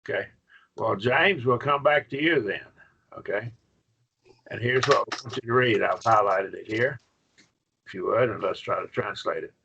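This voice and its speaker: A man's voice: lowish voice, normal speed, creaky, long pauses, sharp tone, breathy edge, muffled recording. A man teaching a Greek grammar class online, patient and questioning, with frequent okays.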